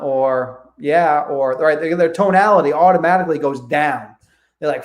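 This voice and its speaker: A man with a high voice runs a live training, talking energetically and swearing freely. He acts out both sides of sales calls as he coaches. The sound is roomy and echoey. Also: normal speed. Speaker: real estate coach.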